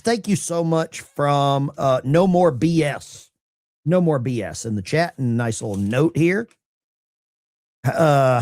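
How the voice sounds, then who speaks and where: A man's voice: fairly high pitch, slow, darkish tone, no room sound, studio quality. A middle-aged man, a veteran, hosting a casual livestream and reading viewer mail in a blunt, salty, self-mocking way.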